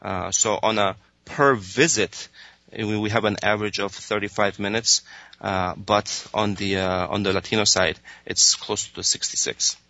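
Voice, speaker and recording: A man answering interview questions about his streaming service, talking haltingly with many fillers and restarts. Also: lowish voice, steady tone, bright, forceful tone, no room sound. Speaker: streaming executive guest. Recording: dull lo-fi dry sound.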